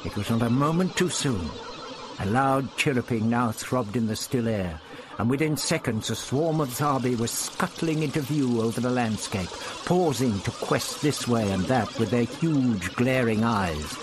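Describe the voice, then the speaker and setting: A man narrating a story as an audiobook reader, expressive and deliberate. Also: medium pitch, background noise. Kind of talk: scripted narration.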